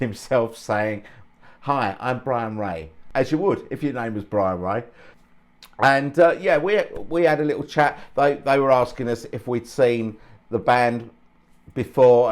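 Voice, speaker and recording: Chatty, chuckling man. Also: fairly low pitch. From England. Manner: chatty, chuckling, self-deprecating. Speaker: channel host. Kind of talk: casual anecdotal storytelling.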